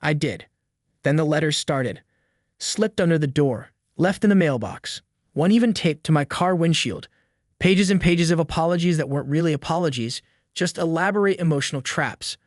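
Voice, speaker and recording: A man's voice: on the high side, animated, moderate pace, dry recording, clean studio sound. A man reading a scripted first-person drama story in a somber, earnest way. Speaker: narrator.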